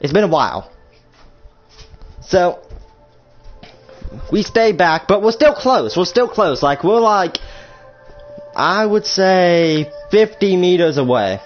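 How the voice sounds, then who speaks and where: With a high, sing-song voice, a teenage boy takes his time and pauses often as he rambles through a crude storytime vlog, correcting himself along the way. The recording is lo-fi and slightly muffled, with faint music in the background.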